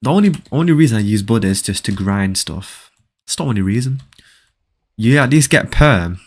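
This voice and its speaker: A man's voice: lowish voice, animated, normal speed, husky. A young man, streaming a game live and reading viewer chat aloud, teasing and bantering with his audience. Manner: joking banter, teasing viewers, frequent laughs.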